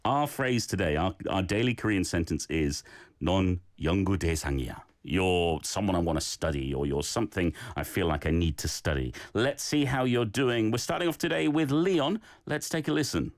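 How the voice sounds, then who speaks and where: A man's voice: low voice, fairly quick, no room sound, clean studio sound. A man teaching a daily Korean phrase and giving encouraging feedback on listeners' recordings. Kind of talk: casual language lesson.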